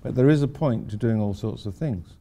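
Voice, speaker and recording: A man's voice: on the low side, fairly quick, warm tone. An older man giving an informal architecture lecture to students, rambling with wry, self-deprecating asides. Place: lecture hall at a university.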